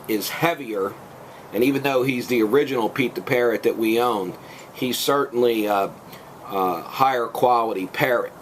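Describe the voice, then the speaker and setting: A man talks through a home gadget tip in a plain, patient way. His voice sits at an ordinary middle pitch. A faint hiss runs underneath. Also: poor audio. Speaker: blogger showing a gadget. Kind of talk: casual demonstration. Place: at home, out front.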